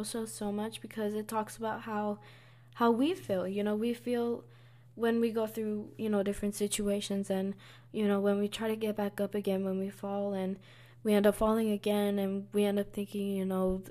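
A woman speaks in a relaxed, personal vlog about her faith. Her voice sits at an ordinary middle pitch, and she talks earnestly, circling back and repeating phrases to stress a point. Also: moderate pace. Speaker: vlogger sharing a faith reflection. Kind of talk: casual devotional talk.

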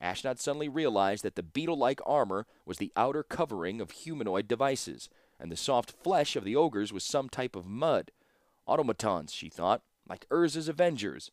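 A man narrating an audiobook in a measured, steady storytelling manner. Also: mid-range voice, no room sound, studio quality.

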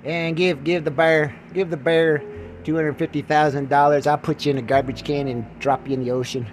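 A man's voice: a little high, steady tone, fairly quick, soft background music, low-quality recording. Rambling joking man on his podcast. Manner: joking, self-mocking, jumps into put-on voices. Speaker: podcast host. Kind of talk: rambling casual monologue.

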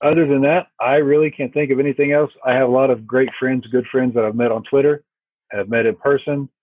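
A man chatting as a podcast guest, telling rambling, profane stories full of fillers. His voice is husky and a little rough. He comes through a thin, tinny phone-like line with no room sound at all. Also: medium pitch, fairly even intonation, brisk, dry recording. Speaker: podcast guest, firearms instructor. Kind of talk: casual chat.

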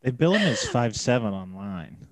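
A man co-hosting a podcast in casual chat, telling stories in a deadpan way. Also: mid-range voice, moderate pace. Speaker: podcast co-host.

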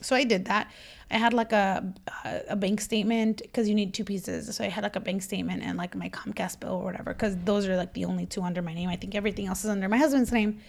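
A woman telling a funny story in a casual chat, animated and laughing, acting out what people said. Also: medium pitch, fast, creaky. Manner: animated, laughing, acts out quotes.

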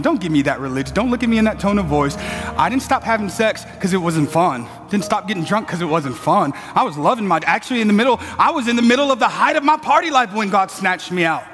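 A man preaching a sermon, building to shouted peaks and throwing in playful asides to the congregation. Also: high-pitched, in a large hall.

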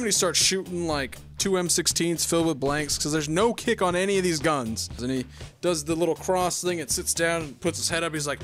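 A man's voice: on the high side, brisk, fairly bright tone, soft background music. A man casually recapping a movie plot, rambling and swearing a lot, now and then acting out lines in silly voices.

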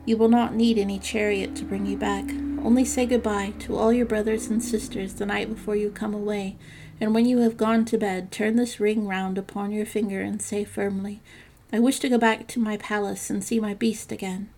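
A woman voicing a sorrowful, gentle male beast who pleads dolefully in a storybook reading. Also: medium pitch, level tone, moderate pace, music in the background, close to an everyday voice. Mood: solemn.

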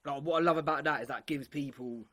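A man's voice: on the high side, fast, pushed and bright. A man hosting a casual podcast chat, prompting his guest with blunt questions.

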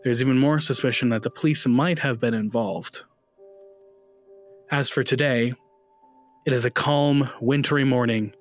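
A man running a tabletop horror game as game master, narrating scenes in a relaxed way with frequent ums and uhs. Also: medium pitch, unhurried, pauses often, faint music behind.

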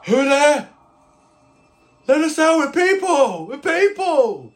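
A man's voice: very high voice, a little fast, pitched above the performer's own voice. A man voicing terrified prisoners begging from their cells in a tabletop game. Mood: pleading. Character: frantic caged prisoners, pleading.

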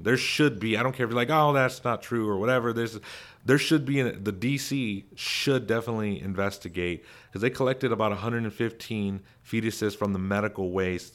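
A man hosts his own commentary show in a fairly low voice. He talks in a casual, chatty way and puts strong emphasis on his opinions. He sounds animated and speaks freely. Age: adult father. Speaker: commentary host.

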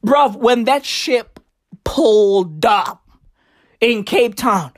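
Woman, high voice, unhurried profane comic rant with loud bursts. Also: animated. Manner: profane, slangy, emphatic, swings between shouting and hushed asides. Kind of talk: stand-up style comic rant.

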